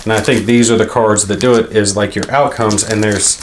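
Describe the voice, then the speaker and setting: A man's voice: lowish voice, steady tone, a little fast, a little hiss or hum. A man hosting a board game channel, talking casually and thinking aloud as he unboxes a game. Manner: rambling, thinking aloud as he handles items.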